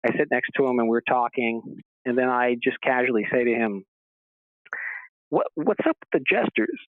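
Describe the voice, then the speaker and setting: This interview guest, a man with a medium pitch and a moderate pace, spins casual stories and performs the quoted lines loudly. His animated telling reaches us over a tinny phone connection without any echo.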